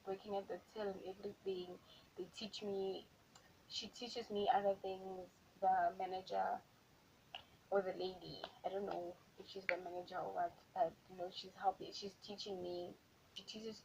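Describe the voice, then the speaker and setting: A young South African woman telling a story from her own life on camera, retelling it animatedly with lots of "like" and quoted asides. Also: medium pitch. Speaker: YouTuber. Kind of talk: storytime vlog. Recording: dull audio with faint hiss.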